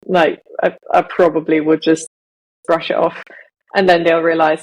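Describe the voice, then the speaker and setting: A woman's voice: sits low, flat delivery, moderate pace, poor audio. A young woman with a British accent chatting on a podcast, rambling and hesitant with many fillers and restarts. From Malaysia. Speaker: podcast co-host. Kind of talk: casual podcast chat.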